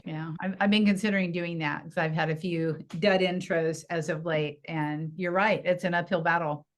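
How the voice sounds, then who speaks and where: Female podcast host, slightly low voice, encouraging interviewer. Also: steady tone, moderate pace. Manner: supportive, brief affirmations.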